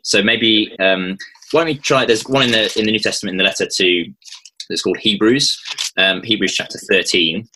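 A man's voice: fairly low pitch, a little fast, pushed and bright, a little hiss or hum, poor audio. A man explaining Bible passages in casual conversation, thoughtful and hesitant, with many ums and restarts. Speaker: Christian guest explaining the Bible.

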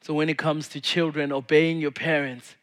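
Casting: male pastor, fairly high voice, casual sermon with hushed moments. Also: flat delivery, moderate pace. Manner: casual preaching, swings from loud to hushed.

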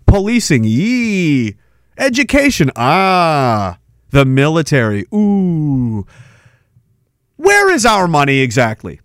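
A man's voice: a little high, wildly swooping pitch, takes it slowly, fairly bright tone, no room sound, studio quality. A man from Canada hosting a livestream, ranting angrily and sarcastically and reading viewer comments. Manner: angry, sarcastic, profane ranting. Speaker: livestream host reading chat.

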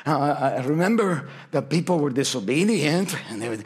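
Passionate preacher with a husky voice. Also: male voice, a little high, expressive, moderate pace, hardly any pauses. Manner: impassioned preaching, swinging from shouts down to hushed, near-whispered lines; slips into Spanish phrases. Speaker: pastor. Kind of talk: sermon. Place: church sanctuary.

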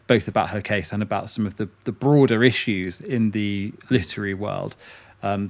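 A low-pitched man co-hosting a podcast, his voice full of vocal fry. He talks wryly and hesitantly, filling pauses with ums and uhs. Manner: wry, hesitant with many fillers. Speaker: podcast co-host. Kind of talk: casual podcast chat.

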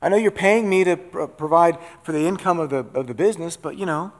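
A man voicing a flustered male employee who rambles defensively to explain away his slacking, in a raised, higher voice. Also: quick pace, close to an everyday voice.

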